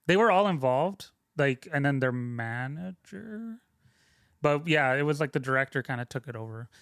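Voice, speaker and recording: A man's voice: mid-range voice, expressive, normal speed, gravelly, fairly bright tone, clear, resonant tone, no room sound. A man talking as a podcast guest, telling stories casually and rambling with many fillers into a close microphone. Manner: rambling, self-interrupting, frequent "like" fillers. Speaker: podcast guest, sound mixer. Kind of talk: casual conversational storytelling.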